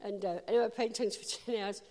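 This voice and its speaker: A woman preaching a sermon, telling a personal story with lively, animated delivery and bursts of laughter. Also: medium pitch, very fast, in a large hall.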